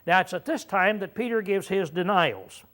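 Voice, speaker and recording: A man preaching with a fairly high voice, walking his congregation through a Bible passage. He asks them questions as he goes and keeps clearing his throat between halting fillers. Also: animated, fairly bright tone. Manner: teaching verse by verse, asking the listeners questions. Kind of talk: sermon.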